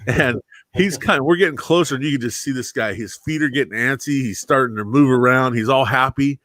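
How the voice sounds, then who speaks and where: Speaking a little fast in a medium-pitched, fairly bright voice, a man casually recounts stories from his old security job. He acts out the people he quotes and drops "bro" and "dude" along the way, with no echo on the recording.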